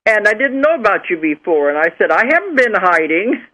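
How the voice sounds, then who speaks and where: A woman hosting an interview show, talking in a chatty, expressive way. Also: medium pitch, a little fast, poor audio. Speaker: host. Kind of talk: casual interview chat.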